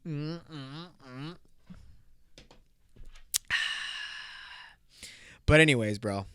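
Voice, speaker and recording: A man's voice: a little high, animated, extremely slow, sharp tone, slight background noise. Crude rambling young man podcasting. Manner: crude, rambling, laughs often, swears freely. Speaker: podcast host. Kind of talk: casual solo podcast storytelling.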